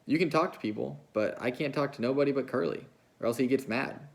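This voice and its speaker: A man reading a novel aloud, putting on the voice of a lonely, restless young ranch wife who talks in a coaxing, hurried way. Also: mid-range voice, creaky, voice pushed up, natural voice. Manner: coaxing, fast, pleading.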